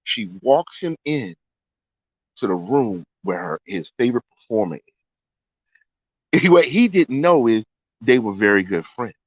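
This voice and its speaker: A man's voice: medium pitch, expressive, unhurried, long pauses, no room sound. A man telling a story in a casual way, often repeating lines for effect. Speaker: storyteller host. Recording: dry, dull lo-fi sound.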